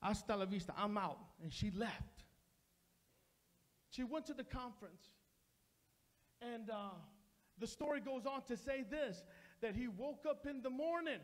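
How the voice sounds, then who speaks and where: A man's voice: very high-pitched, lively intonation, a little slow, long pauses. A male pastor preaching a sermon in a church, speaking straight to the congregation in a repetitive preaching cadence. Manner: addresses the congregation directly. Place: church sanctuary.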